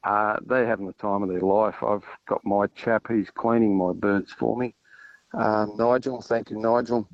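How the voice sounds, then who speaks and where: Rambling Australian hunter, low voice. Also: male voice, measured pace, no echo, muffled recording. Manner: relaxed, rambling, cheerful with many fillers. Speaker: duck hunter on air. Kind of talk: casual radio interview.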